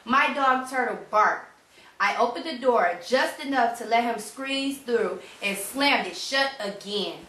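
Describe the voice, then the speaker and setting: A woman reading a children's storybook aloud in a clear, expressive narration. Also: on the high side, measured pace. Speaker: reader. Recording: roomy, distant mic.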